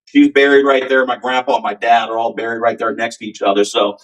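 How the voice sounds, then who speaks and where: A male rock singer talking as a podcast guest, earnest and rambling, with lots of filler words. His pitch sits in the middle range. He sounds somewhat distant from the microphone. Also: level tone, fast. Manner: rambling, earnest, many "you know"s. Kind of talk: casual storytelling interview.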